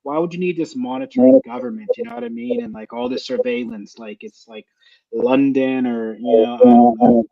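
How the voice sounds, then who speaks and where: A man's voice: mid-range voice, moderate pace, vocal fry, mellow, muffled recording. A man co-hosting a podcast, talking loosely and hesitantly with many fillers. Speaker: podcast co-host. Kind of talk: casual review chat.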